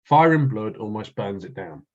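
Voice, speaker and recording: A man's voice: on the low side, expressive, normal speed, darkish tone, lo-fi sound. A man co-hosting a podcast, rambling in casual chat and restarting his sentences often. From North East England. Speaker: podcast co-host.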